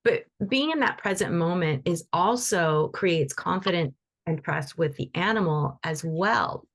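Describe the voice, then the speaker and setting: A woman's voice: on the low side, expressive, unhurried. A woman teaching animal Reiki in a live online session, talking loosely and conversationally with frequent restarts.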